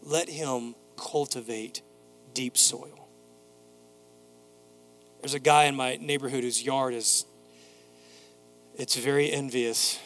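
A man's voice: medium pitch, fairly even intonation, slow, long pauses, a bit bright, faint music behind. A man preaching a sermon as pastor, building to emphatic repeated phrases and telling a neighbor's story in a casual voice. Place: church sanctuary.

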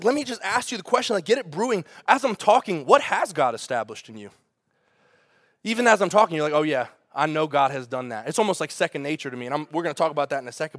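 Guy preaching, high voice, chatty and animated, lots of questions to the crowd. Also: no room sound, studio quality. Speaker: pastor. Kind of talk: sermon.

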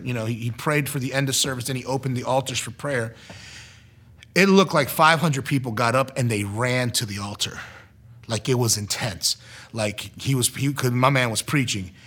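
A young man casually telling a personal testimony, using lots of fillers and acting out quoted lines in a raised voice. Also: medium pitch. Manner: animated, acts out quotes in a raised voice; casual, filler-heavy with frequent likes.

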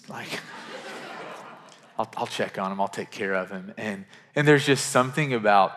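A man in his thirties from western Kentucky preaching a sermon as pastor, earnest and conversational, restarting phrases and dropping to a hush for quoted lines. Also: mid-range voice. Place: church sanctuary. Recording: church sanctuary with long reverb.

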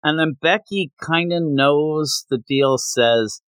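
Lively guy on a podcast, bright voice, dry close mic, jumps around a lot in pitch. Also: dry recording. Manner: animated, quotes characters in quick put-on voices. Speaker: podcast co-host. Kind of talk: casual manga discussion.

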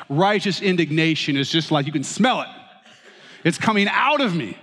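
A man preaching a sermon as pastor, telling stories with animated, self-mocking humor. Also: fairly high pitch, fairly quick. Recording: reverberant hall.

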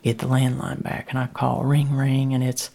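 Gravelly-voiced woman spinning a folksy monologue. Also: extremely low pitch, completely flat delivery, normal speed, dark tone. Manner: folksy, rambling, drops to whispers. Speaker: storyteller. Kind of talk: dramatic first-person monologue.

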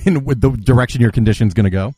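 A man's voice: medium pitch, fast, dark tone, slightly rough, dry recording. A man hosting a casual conversation, reacting sympathetically and asking follow-up questions. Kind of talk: casual interview chat.

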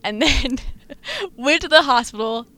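A woman in her twenties, chatting as a podcast guest and telling her story in a lively, slangy way with frequent laughter. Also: high-pitched, measured pace, no room sound. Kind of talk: casual chat.

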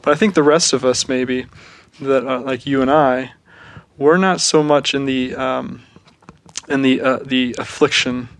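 A young man co-hosting a podcast, talking through matters of faith in a thoughtful, halting way with many fillers and restarts. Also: medium pitch, steady tone, no echo. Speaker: podcast co-host. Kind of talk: reflective faith discussion.

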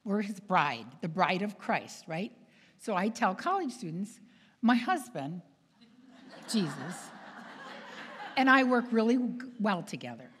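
A woman's voice: medium pitch, big pitch swings, unhurried, long pauses, a little hiss or hum. A woman giving a storytelling talk to an audience, acting out the voices of the people she quotes and laughing often. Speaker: speaker at a retreat. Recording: long hall reverb.

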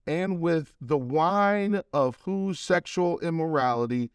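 A middle-aged pastor preaching a sermon, building emphasis and slowing to drawn-out calls to worship. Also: male voice, fairly high pitch, clean tone, no room sound, studio quality.

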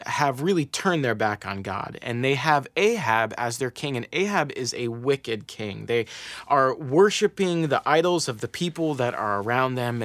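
A man's voice: mid-range voice, fairly bright tone, dry recording. Man preaching a dry, close sermon. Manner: storytelling preacher reading scripture aloud with rising emphasis. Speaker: pastor.

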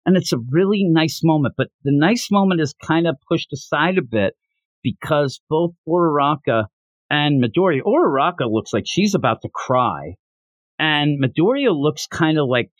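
Animated man recapping a manga. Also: on the high side, moderate pace, dry recording, highs cut off. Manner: animated, enthusiastic retelling. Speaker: podcast host.

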